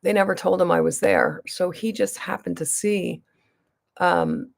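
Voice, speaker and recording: A woman vlogger chats straight to her viewers, her voice carrying a gravelly creak. She rambles through a long story with plenty of restarts, and she stresses her points emphatically. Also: on the low side, a little slow. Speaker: beauty vlogger.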